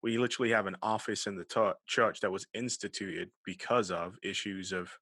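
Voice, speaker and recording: Man, host, very deep voice, bright forceful tone, dry sound, affirming. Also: steady tone, moderate pace, breathy edge, no echo. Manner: affirming, conversational. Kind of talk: casual chat.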